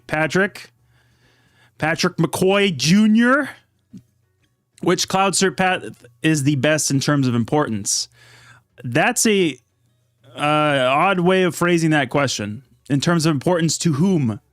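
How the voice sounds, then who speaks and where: A man casually chatting on a live stream, reading chat aloud and answering questions in a relaxed, rambling way. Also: a little high, no echo, clean studio sound. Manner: laid-back, reads chat aloud, rambling asides. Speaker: livestream host.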